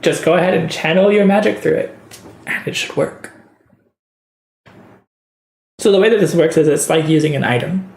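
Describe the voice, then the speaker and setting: A man's voice: on the high side, moderate pace, gravelly, pauses often, a little mellow. A man running a tabletop role-playing game as game master, explaining rules and often laughing. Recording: roomy echo.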